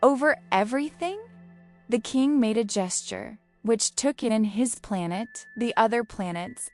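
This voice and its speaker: A woman narrating an audiobook of a classic children's story in a calm, measured storybook reading. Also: fairly high pitch.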